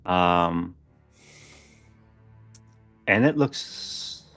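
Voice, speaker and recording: Low-voiced man running a tabletop game. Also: very slow, clear, resonant tone, dry recording, faint music behind. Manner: relaxed, describing scenes with fillers. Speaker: game master.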